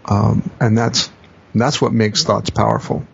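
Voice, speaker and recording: A man talks in a reflective, searching way as a podcast guest, repeating and rephrasing his points. His voice is gravelly and a bit husky. The audio is dull and lo-fi. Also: on the low side, level tone, unhurried. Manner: reflective, repeats and rephrases, acts out quoted phrases. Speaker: guest, coach and teacher. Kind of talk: conversational podcast explanation.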